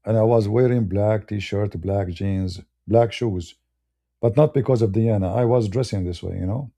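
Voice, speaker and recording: Middle eastern accented guy going off, scornful and blunt, super dark gravelly voice. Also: lowish voice, moderate pace. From Middle East. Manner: blunt and scornful, broken English grammar. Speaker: debater. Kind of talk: heated ranting monologue.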